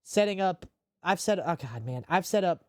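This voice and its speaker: A man hosting a gaming podcast, speaking candidly and emotionally, with deadpan jokes. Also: high voice, moderate pace, no echo, clean studio sound. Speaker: podcast host and live streamer. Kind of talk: casual podcast chat.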